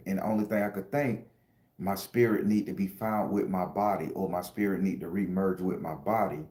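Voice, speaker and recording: Deep-voiced man telling a dream, echoey room. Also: steady tone, normal speed, warm tone. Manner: emotional, slangy, talks to viewers directly. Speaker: spiritual channel host and tarot reader. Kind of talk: casual livestream storytelling.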